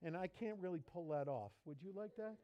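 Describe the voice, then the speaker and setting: A man preaching in a church as pastor, lively and playful, mimicking people for laughs. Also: sits high, fairly quick, muffled recording. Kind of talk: sermon.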